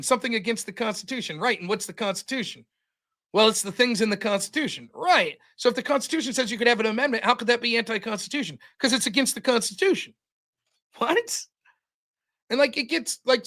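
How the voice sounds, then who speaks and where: A man talking as a podcast guest in casual chat, animated and profane, acting out quoted back-and-forths from debates. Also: very high voice. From outside the United States. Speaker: podcast guest taking over the show.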